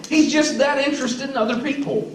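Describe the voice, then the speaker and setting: Male preacher, very high voice, relaxed sermon, heard from a distance in a roomy church. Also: brisk, a little hiss or hum. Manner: conversational, asks the audience questions. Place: church sanctuary.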